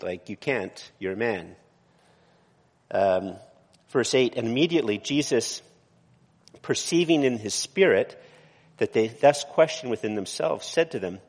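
A man's voice: on the low side, darkish tone, breathy edge, in a large hall. A man, a pastor, preaching a conversational sermon in a church, with frequent restarts and asides.

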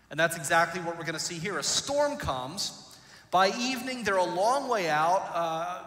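A male pastor preaching a sermon, retelling a story with dramatic swings between loud and quiet. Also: high voice. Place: church. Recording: echoey church hall.

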